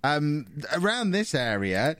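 A man with a fairly high voice makes dry, teasing remarks while chatting on a podcast. His jokes land with little emphasis. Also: sing-song, takes it slowly, fairly bright tone, smooth, no echo. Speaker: podcast co-host. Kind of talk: casual chat.

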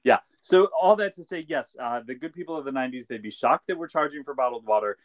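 A man's voice: medium pitch, animated, quick pace. Wry man making dry asides. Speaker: podcast co-host. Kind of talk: casual chat.

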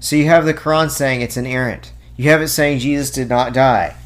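A man's voice: mid-range voice, fairly even intonation, a little fast. A man giving an informal apologetics talk. He reads scripture passages aloud and breaks off with casual asides and fillers. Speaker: Christian apologist.

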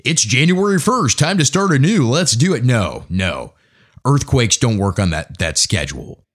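A man's voice: medium pitch, sing-song, normal speed, a bit bright. An American man hosting a podcast, delivering a profane, conversational opinion rant. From United States. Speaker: podcast host. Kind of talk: opinion monologue.

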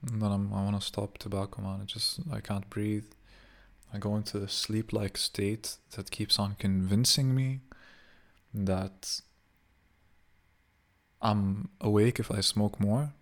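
A man's voice: lowish voice, little pitch movement, measured pace, vocal fry. A young man venting in a rambling, profane casual monologue, full of fillers.

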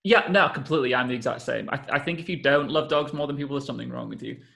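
A man's voice: mid-range voice, very fast, creaky. A young man co-hosting a casual chat, telling jokey stories with playful asides. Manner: lively, jokey storytelling with playful put-on voices.

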